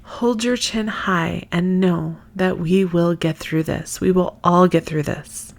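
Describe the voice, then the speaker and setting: A woman's voice: lowish voice, fairly even intonation, slow pace, gravelly. Frank, earnest woman podcast host. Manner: frank and earnest, swears casually, laughs easily. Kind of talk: candid solo podcast monologue.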